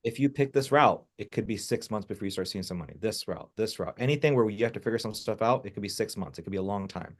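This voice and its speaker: A man with a fairly low voice coaches a client over a video call. He talks directly and emphatically, and he comes back to his key points to make sure they land. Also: quick pace, hardly any pauses. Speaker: business coach.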